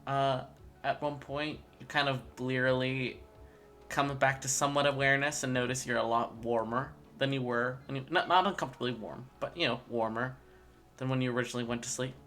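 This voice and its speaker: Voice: medium pitch, fairly even intonation, brisk, a bit bright, soft background music. A game master narrating a tabletop role-play scene in a loose, rambling way.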